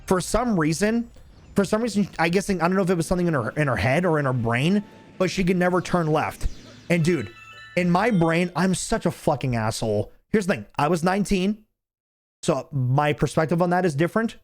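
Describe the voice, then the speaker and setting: A man's voice: a little high, expressive, a little fast, faint music behind. A young man streaming a game, telling a rambling, profane story in a casual chat.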